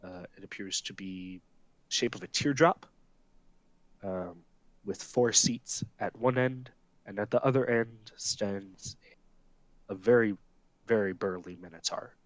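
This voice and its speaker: A man narrating as game master for a tabletop game, pausing often with filler sounds as he describes scenes. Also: lowish voice, no room sound. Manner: halting, frequent "uh" fillers.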